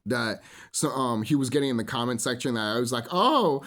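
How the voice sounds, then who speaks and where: A man's voice: medium pitch, steady tone, fast talker, a bit bright. A man ranting in a solo monologue, profane and rambling, full of fillers, preaching to his listeners as brothers and sisters. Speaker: vlogger.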